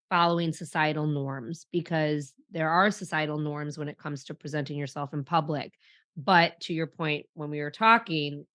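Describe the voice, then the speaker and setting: A woman podcast host with a deep, raspy voice, asking long, rambling interview questions. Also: a bit bright, no echo.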